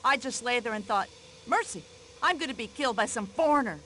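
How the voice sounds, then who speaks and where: Brash, nosy matron. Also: female voice, fairly high pitch, expressive, a little fast, sharp tone, a little hiss or hum. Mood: dramatic. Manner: indignant, complaining, self-important. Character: brash pushy older American woman passenger. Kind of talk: video game voice acting.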